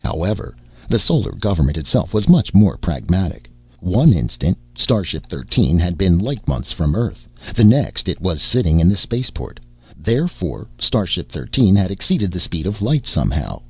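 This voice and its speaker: Deep, husky male story narrator. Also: normal speed, no room sound. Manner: dramatic, expressive reading. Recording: dull, dry lo-fi recording.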